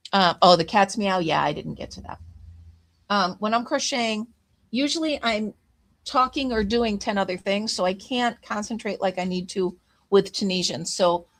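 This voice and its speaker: A chatty woman hosts a casual crafting livestream. She talks easily to her viewers and greets them by name as she pages through her notes. Her pitch sits in an ordinary middle range.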